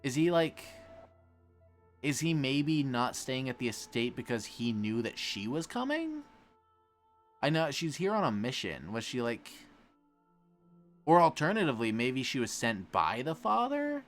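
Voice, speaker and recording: Excitable, joking male streamer. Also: mid-range voice, measured pace, faint music behind. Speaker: streamer reading a visual novel. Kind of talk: casual let's-play commentary.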